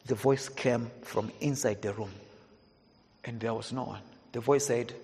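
A male pastor preaches a sermon in a church. He swings between hushed, low passages and raised, emphatic preaching. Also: lively intonation, takes it slowly, long pauses. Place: church hall. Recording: long hall reverb.

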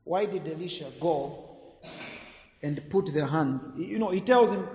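Man, preacher; somewhat high voice, dramatic loud-soft swings, long hall reverb. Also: measured pace. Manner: dramatic swings between loud emphasis and quiet asides. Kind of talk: sermon.

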